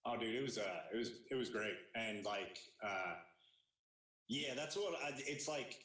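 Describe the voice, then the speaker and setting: A man of middle pitch hosts a comedy podcast, rambling and hesitating as he thinks aloud. He sounds a little distant from the mic, in an echoey room. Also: expressive, moderate pace, a bit bright. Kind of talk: casual podcast chat.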